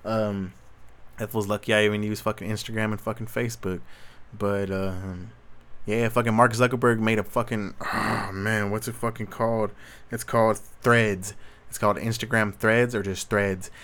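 Here a young Southern Californian host fields a solo Q&A in a lowish, a bit bright voice, level in tone and at normal speed. He rants casually, rambling and swearing with heavy slang.

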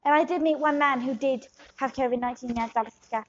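A woman's voice: high voice, fast talker, lo-fi sound. A woman improvising a shady scam doctor who rambles, hesitates and drifts between put-on accents. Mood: rambling. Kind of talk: improv comedy scene.

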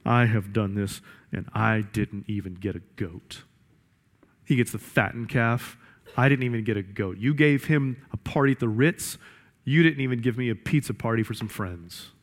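A pastor playing a resentful, self-righteous older brother. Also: male voice, fairly low pitch, moderate pace. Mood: indignant. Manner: indignant, insistent. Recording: echoey hall reverb.

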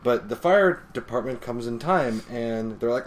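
A man's voice: medium pitch, lively intonation, unhurried. A man co-hosting a podcast in casual chat, recapping a story playfully with jokes. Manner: playful, joking. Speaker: podcast co-host.

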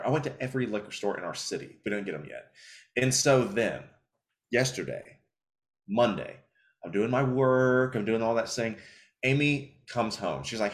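A young man hosting a podcast, telling stories in a profane, animated way, a little tipsy and slurring. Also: mid-range voice, moderate pace. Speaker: podcast host. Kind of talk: casual podcast chat.

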